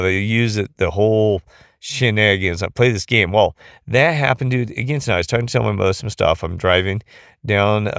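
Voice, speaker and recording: A weary middle-aged man rambles through a casual monologue, drifting off track and restarting his sentences. His voice sits fairly low. It is recorded close on a phone in a dry space with almost no room sound. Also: a bit bright, dry recording. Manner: rambling, loses his thread, many fillers and restarts. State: tired. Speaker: vlogger.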